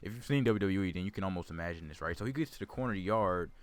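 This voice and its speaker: Rambling man with a lowish voice. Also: rapid-fire. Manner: rambling, repeats words, self-corrects. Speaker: gaming channel host. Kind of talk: casual storytelling over gameplay commentary.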